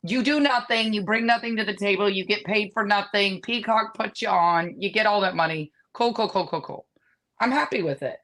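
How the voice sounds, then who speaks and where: A woman's voice: medium pitch, a little fast, few pauses, fairly bright tone. A woman co-hosting a sports podcast, ranting bluntly and mocking rival teams in casual chat. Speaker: podcast co-host.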